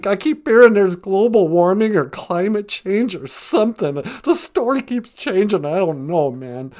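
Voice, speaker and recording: A man's voice: high voice, voice pushed up. A man voicing a jittery, very old male lion who frets and whines, tacking "man" onto his lines. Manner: frantic, whiny, keeps saying "man". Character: jittery ancient male lion, panicky worrier.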